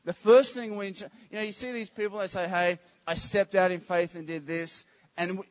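A man preaching a casual, joking sermon to a church congregation, teasing the crowd with quick questions. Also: sits high. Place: church service.

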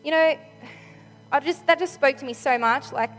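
A woman speaking at church with a microphone, giving an excitable, chatty sermon full of "like" and "you know". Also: high voice, normal speed. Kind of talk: enthusiastic conversational sermon. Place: large church hall with reverb. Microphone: handheld microphone. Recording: long church-hall reverb, faint music.

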